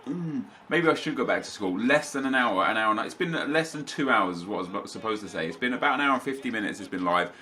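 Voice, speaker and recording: Chatty bright-voiced young man. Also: lowish voice, animated, fast, hardly any pauses. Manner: rambling, chatty, many restarts and asides. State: slightly stuffy nose. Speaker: gaming channel host. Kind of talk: casual chat to camera. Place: home office.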